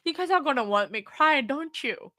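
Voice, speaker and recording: A woman's voice: high voice, animated, moderate pace, pushed and bright, no room sound, studio quality. A woman hosting a true crime livestream, chatting casually and gushing thanks to her viewers in a rambling, emotional way. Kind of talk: casual livestream chat, reading viewer comments.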